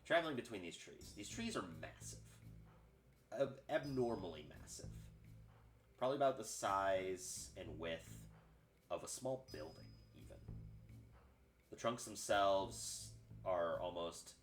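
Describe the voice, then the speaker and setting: A man with a deep voice runs a tabletop game, rambling casually with plenty of fillers and chuckles. Quiet music plays under his talk. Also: expressive, a little slow, long pauses. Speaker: game master.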